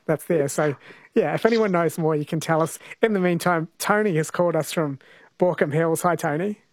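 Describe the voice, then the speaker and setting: A man's voice: on the high side, moderate pace, no echo. New Zealand man hosting talk radio. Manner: friendly, chatty, reads listener texts. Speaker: radio host.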